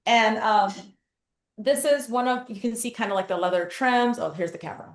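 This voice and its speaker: A woman guest telling stories in a casual interview over a video call, acting out her own quotes with lively energy. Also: fairly high pitch, normal speed. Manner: animated storyteller, acts out her own quotes. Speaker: guest, company founder. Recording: roomy echoey sound.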